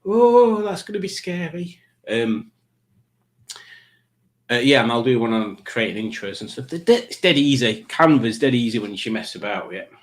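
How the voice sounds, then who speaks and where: A man's voice: mid-range voice, normal speed. A middle-aged British man hosting a live chat stream, rambling, self-mocking and easily sidetracked. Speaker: livestream host.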